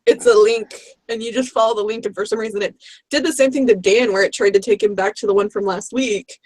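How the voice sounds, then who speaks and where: A host of a casual group video call, reacting and talking quickly and chattily. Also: mid-range voice, fairly even intonation, a little mellow, no room sound.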